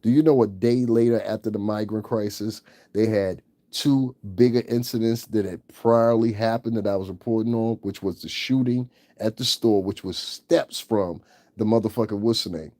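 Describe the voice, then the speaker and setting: A man's voice: lowish voice, steady tone, normal speed, warm tone, no echo, clean studio sound. A man hosting his own channel, giving blunt, profane and scornful commentary. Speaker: channel host. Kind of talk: ranting livestream commentary.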